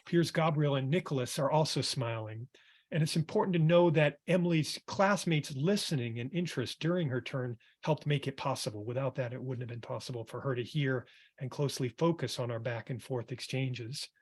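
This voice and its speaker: A man, a music therapist, reading a passage from his book aloud in a calm, reflective way, then turning to a panel. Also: medium pitch, brisk, breathy edge. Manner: calm, reflective, with some hesitant fillers.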